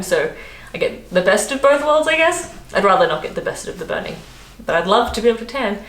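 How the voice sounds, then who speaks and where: A young Australian woman chats casually to camera in a vlog, laughing often and using lots of fillers. Her voice is lowish with a fairly bright tone, recorded in an echoey room with faint background noise.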